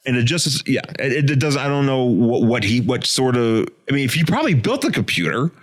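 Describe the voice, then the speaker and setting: Young man, podcast co-host, rambling jokey delivery, mid-pitched voice. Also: sing-song. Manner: rambling, jokey, acts out characters in quick asides. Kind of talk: casual comic-book chat.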